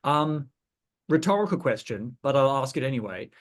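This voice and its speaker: A man's voice: medium pitch, big pitch swings, normal speed. A man hosting an interview podcast, asking questions in a friendly way with stammered restarts. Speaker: podcast host.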